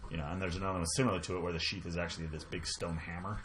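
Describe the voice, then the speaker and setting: A man's voice: low voice, fairly even intonation, racing, fairly bright tone, a little hiss or hum. A man chatting casually on a livestream, explaining things in a rambling, easygoing way. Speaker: guest explaining game lore.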